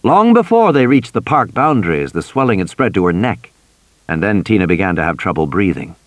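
A man narrating an audiobook in an expressive storytelling manner. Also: low voice, brisk, dry recording. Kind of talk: scripted narration.

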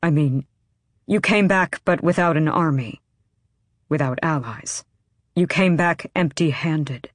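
A woman's voice: sits low, slow, long pauses, no echo, studio quality. A woman voicing a stern young man who is blunt and accusing, with clipped, curt delivery. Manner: curt, clipped, speaks through his teeth.

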